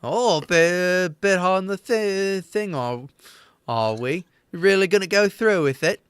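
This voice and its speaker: A man's voice: high voice, a little slow, clear, resonant tone, no room sound, clean studio sound, pitched above the performer's own voice. A man voicing a brash male bandit who needles the others in a sneering, taunting way.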